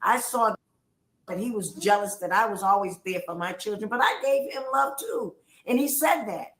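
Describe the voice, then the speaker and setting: A woman's voice: medium pitch, lively intonation, moderate pace, a bit bright. A middle-aged woman on a livestream, emotional and accusatory, repeating her points as she rants. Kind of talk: heated livestream rant. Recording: roomy echo.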